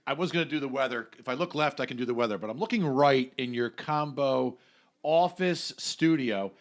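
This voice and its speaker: A man's voice: medium pitch, moderate pace. A man co-hosting a podcast in casual chat, talking in a brash, emphatic, jokey way. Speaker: podcast co-host.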